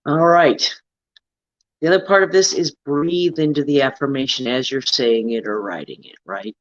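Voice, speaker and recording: A man's voice: medium pitch, normal speed, no echo, muffled recording. A man hosting a casual self-help talk, coaching earnestly and often checking in with "right?". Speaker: host.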